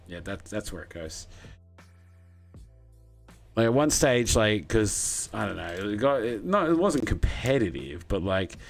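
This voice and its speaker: A man in his thirties hosting a live stream, chatting casually and rambling, with many fillers and self-corrections. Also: sits low. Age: 30s. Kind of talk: casual live chat while building.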